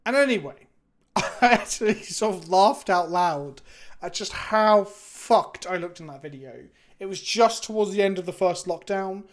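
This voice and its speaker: This English streamer sounds tired and sluggish as he rambles casually to his viewers with self-deprecating remarks. His voice sits high and is animated, though he speaks a little slowly.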